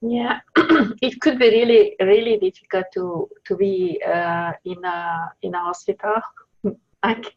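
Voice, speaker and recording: A woman on a video call speaking hesitantly, pausing often to find her words. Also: mid-range voice, fairly even intonation. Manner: hesitant, searching for words, many pauses. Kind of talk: casual group video call. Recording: dull lo-fi video call audio.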